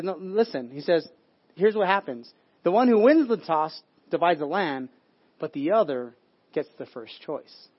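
A man's voice: on the high side, husky, highs cut off. A man preaching a sermon as pastor, telling a story in a conversational way with frequent restarts and repeated words.

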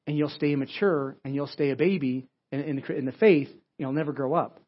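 A man preaching in a loose, conversational sermon style, stumbling over and restarting his words and tagging lines with "right?". He talks at a fast clip in a slightly high voice, and the recording sounds dull and lo-fi. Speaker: pastor. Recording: dull lo-fi audio.

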